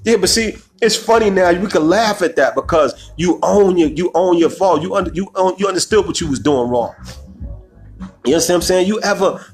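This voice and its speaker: Animated young man chatting on a live stream. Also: high-pitched. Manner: animated, laughs often, repeats "you know what I'm saying". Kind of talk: casual live chat reading viewer comments.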